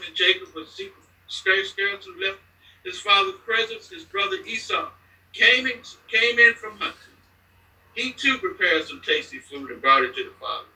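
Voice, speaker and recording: Bright-voiced man reading scripture in an echoey room. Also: high-pitched, recorded from a distance. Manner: plain reading with restarts and slips. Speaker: scripture reader.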